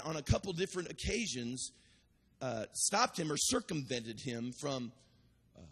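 A man preaching a sermon as pastor, building to shouted cries and repeating phrases with restarts. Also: fairly high pitch, husky, big-room sound.

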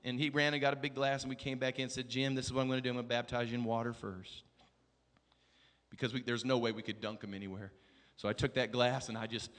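A male pastor preaching a sermon, telling a story in a hushed voice and building up to shouted exhortation. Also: medium pitch, fast talker. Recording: long reverb of a large hall.

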